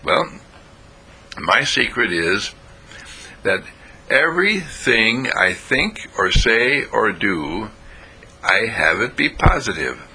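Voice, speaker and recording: A man doing a slow, gravelly spiritual teacher. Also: on the low side, sing-song, bright, forceful tone, exaggerated voice, poor audio. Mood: calm. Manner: slow, measured, earnest. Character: calm patient male spiritual teacher. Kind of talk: storytelling with voices.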